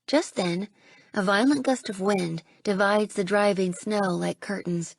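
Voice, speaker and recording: A woman reading a first-person audiobook, with a slightly husky, gravelly voice that rises for dialogue. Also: mid-range voice, a little slow, no echo. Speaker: audiobook narrator.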